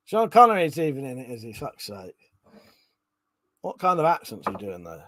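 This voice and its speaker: A man's voice: medium pitch, wildly swooping pitch, normal speed, noisy background. A man chatting casually on a live stream, reading out chat messages and swearing freely.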